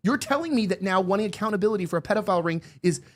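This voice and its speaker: A woman's voice: medium pitch, animated, racing. A woman hosts a political talk show and vents with open anger. She hammers her points with repeated words and rising emphasis. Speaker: political commentary host. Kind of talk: heated political chat.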